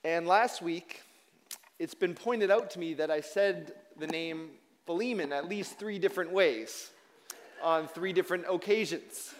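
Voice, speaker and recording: A man preaching as a pastor, chatty and self-deprecating as he teaches from the pulpit. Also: high-pitched. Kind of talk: sermon. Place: church sanctuary. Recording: long reverb of a large hall.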